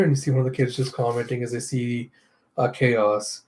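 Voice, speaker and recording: A man casually reading a comic aloud, narrating panels with relaxed asides. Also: mid-range voice, a little fast. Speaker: comic readthrough host.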